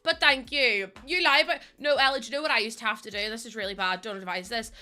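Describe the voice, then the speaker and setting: Bright, high-voiced woman streamer. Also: fast. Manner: chatty and animated, swears freely, laughs often. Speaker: live streamer. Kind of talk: casual chat with live chat viewers.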